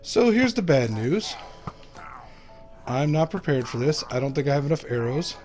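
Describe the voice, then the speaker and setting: A young man giving casual gameplay commentary, talking quickly and nervously to himself as he plays. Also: medium pitch, over music. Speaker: gaming YouTuber.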